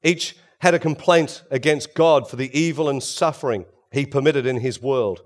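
A man preaching a sermon, swinging between loud emphasis and hushed, quiet passages. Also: mid-range voice, normal speed.

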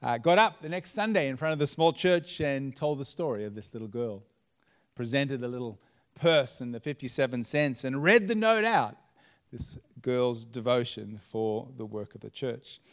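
Pastor guy, medium pitch, spinning a dramatic story in a sermon. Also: animated. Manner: dramatic storyteller, sets scenes with pauses.

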